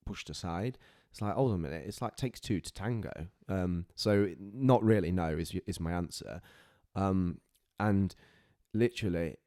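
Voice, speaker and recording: Deep-voiced man, earnest and halting. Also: warm tone. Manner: earnest, heartfelt, halting with many restarts. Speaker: podcast guest. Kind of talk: candid personal storytelling.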